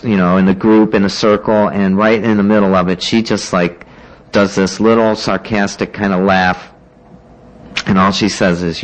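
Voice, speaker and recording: Low-voiced man telling his story. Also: poor audio. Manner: rambling, full of "you know" and "like", acts out what others said. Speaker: speaker sharing his recovery story at a meeting. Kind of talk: casual personal storytelling.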